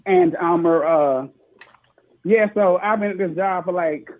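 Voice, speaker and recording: A man's voice: sits high, takes it slowly. A man calling into a talk show, venting at length with a frustrated, ranting tone. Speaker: caller. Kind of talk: call-in commentary. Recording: tinny phone line, dry.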